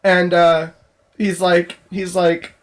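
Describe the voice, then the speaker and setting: A man's voice: high-pitched, little pitch movement, slow. A young man casually telling a story from his job in a vlog, rambling with lots of fillers and restarts. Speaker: store clerk telling a work story.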